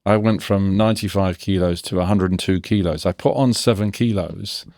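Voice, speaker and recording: A man's voice: deep voice, fairly even intonation, normal speed, darkish tone, no echo, studio quality. A man in his fifties, a podcast guest, talking reflectively and analytically in a casual interview, often restarting his sentences. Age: 50s.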